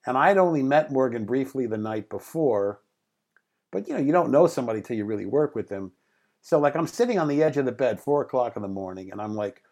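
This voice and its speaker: A middle-aged film director, appearing as an interview guest, tells anecdotes as a lively raconteur, acting out quotes and laughing often. His voice is medium-pitched and fairly quick.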